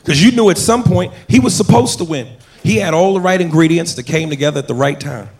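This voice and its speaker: A man's voice: on the high side, fairly quick. A man doing stand-up comedy, talking straight to the audience in a punchy, conversational way. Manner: punchy, conversational, addresses the crowd. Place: comedy club before an audience. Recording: live club recording with crowd and noise.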